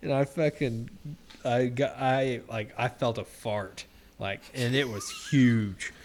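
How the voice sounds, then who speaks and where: A man's voice: medium pitch, fairly even intonation, slow, noisy background. A man in his thirties co-hosting a podcast, telling crude stories in casual banter, rambling and profane, laughing at his own tales. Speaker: podcast co-host.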